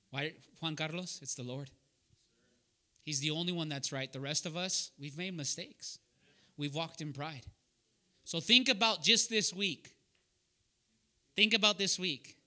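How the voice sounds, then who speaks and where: Man, sermon, high voice, very bright and forceful, earnest personal storytelling. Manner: calls on listeners by name and asks them questions. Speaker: preacher leading a young adults Bible study.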